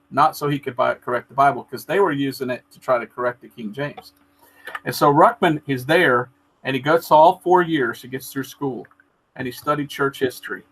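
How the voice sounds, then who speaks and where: A man in casual chat, telling a story in an earnest, animated way. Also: medium pitch, breathy edge, poor audio. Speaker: storyteller in a live video chat.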